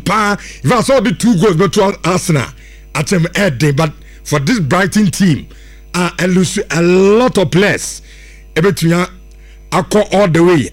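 A man, a radio presenter chatting loosely and ramblingly about football. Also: sits high. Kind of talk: casual radio football chat.

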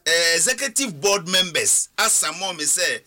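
A Ghanaian man chats as a guest on a radio talk show. His voice is bright and animated. He mixes local words into English and pads his talk with fillers. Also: sits high, moderate pace. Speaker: guest, youth organizer.

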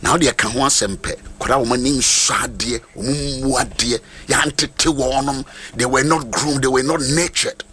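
A man with a Ghanaian accent preaching a sermon with passion, swinging between chanted lines and shouts. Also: mid-range voice, fairly even intonation, moderate pace, hardly any pauses. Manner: impassioned, switching between Twi and English, sing-song shouting.

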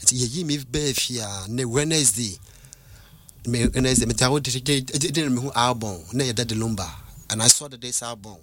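A man recounting visions and a spiritual calling in a casual conversation, with halting restarts and English phrases mixed in. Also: medium pitch, a bit bright. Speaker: guest.

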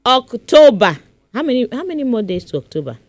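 A woman radio host with a Ghanaian English accent, joking with her co-host and reading sponsor messages in a lively, teasing way. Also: fairly high pitch, dry recording. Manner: teasing, jokey, reads numbers and ads briskly. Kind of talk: playful radio chat and sponsor reads. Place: radio studio.

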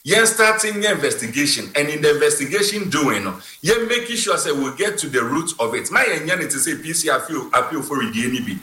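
Guest: man, very bright tone, hesitant delivery full of restarts, roomy echo. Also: on the high side, sing-song. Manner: halting, full of fillers and restarts. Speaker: guest commentator. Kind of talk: call-in discussion.

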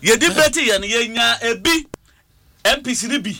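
Ghanaian male MP, high, very bright, lively delivery, talks over people. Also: moderate pace. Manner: talks over others, repeats words, switches between languages. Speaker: member of parliament. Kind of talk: heated political debate.

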